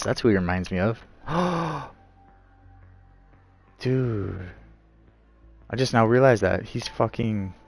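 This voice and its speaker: A low-voiced man chatting loosely as he streams a game, music playing behind him. He rambles, swears freely, and laughs at his own attempts. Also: vocal fry. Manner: rambling, profane, self-mocking. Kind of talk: casual livestream chat.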